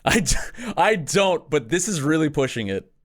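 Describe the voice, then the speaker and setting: A young man co-hosting a podcast, telling a long story in casual chat, animated, swearing often and restarting his sentences. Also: on the high side, moderate pace. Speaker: podcast co-host.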